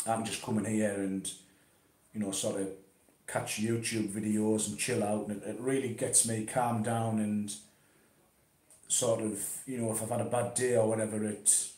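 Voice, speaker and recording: A man's voice: on the low side, little pitch movement, normal speed, darkish tone, echoey room. A man chatting casually and laid-back about pipe smoking, swearing now and then, at home in his conservatory. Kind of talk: casual chat.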